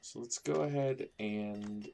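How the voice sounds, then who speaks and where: A man's voice: fairly low pitch, takes it slowly, gravelly, dark tone, slight background noise. A man casually commenting on his own gameplay, rambling and thinking aloud as he builds a town. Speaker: gaming YouTuber.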